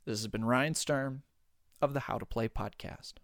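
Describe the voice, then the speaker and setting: A man's voice: mid-range voice, moderate pace, gravelly, background noise. A man hosting a podcast who talks in a friendly, earnest, thankful way. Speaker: podcast host. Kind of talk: casual podcast sign-off.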